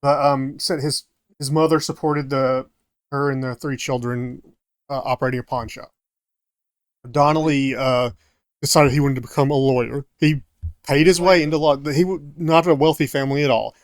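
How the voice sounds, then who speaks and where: A man's voice: medium pitch, steady tone, normal speed, no echo, studio quality. A man co-hosting a casual podcast, walking through his research notes with frequent fillers and self-corrections. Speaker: podcast co-host presenting research.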